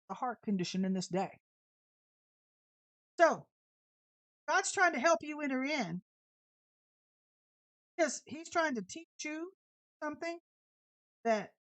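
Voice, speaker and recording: A woman's voice: fairly high pitch, dry recording. A woman preaching an informal sermon in a fiery, sassy, emphatic way.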